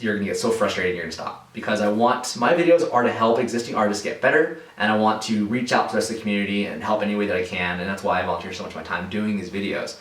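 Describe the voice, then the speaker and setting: Low-voiced man in an echoey room. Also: a bit bright, far from the mic. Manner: rambling, conversational, many fillers and restarts. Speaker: balloon artist answering viewer questions. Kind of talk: casual Q&A vlog.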